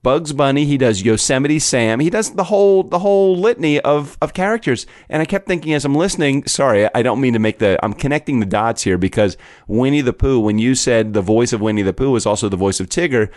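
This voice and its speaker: A man's voice: mid-range voice, a little fast, a little mellow, dry recording, studio quality. Rambling man co-hosting a podcast. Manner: rambling, self-interrupting, laughs easily. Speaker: podcast co-host. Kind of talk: casual chat.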